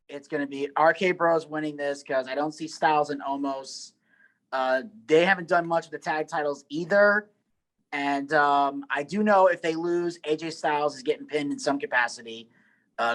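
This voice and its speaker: A man's voice: fairly high pitch, fairly bright tone, low-quality recording. A man co-hosting a casual wrestling chat, blunt and sarcastic, laughing often. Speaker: podcast co-host.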